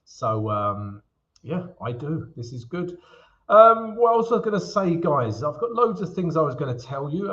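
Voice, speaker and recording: A man from England hosts a live trading stream, chatting casually with viewers and calling them "guys" and "mate." His voice is medium-pitched with a fairly bright tone, and the highs are cut off.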